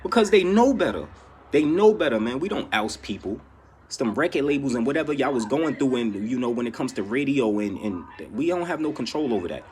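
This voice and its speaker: A man's voice: medium pitch, very animated, fairly quick, darkish tone, slight background noise. A man with a New York accent ranting casually, emphatic and exasperated, often swearing. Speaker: reaction commentator. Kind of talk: casual reaction rant.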